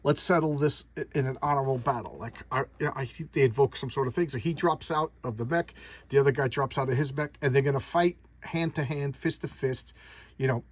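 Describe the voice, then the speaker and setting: A man's voice: mid-range voice, brisk. A man casually recapping a comic book's plot in a rambling, enthusiastic way, often repeating words and using lots of fillers. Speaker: comic book reviewer. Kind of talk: casual chat.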